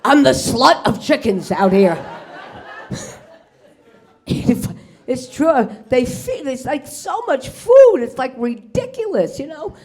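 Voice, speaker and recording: A woman's voice: high-pitched, very animated, slow, pauses often, a little mellow. Middle-aged New woman, stand-up comic, brash and profane, plays every character herself. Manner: brash, swears, acts out characters in punchlines. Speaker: stand-up comedian. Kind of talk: stand-up comedy set. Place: comedy club stage before a live audience.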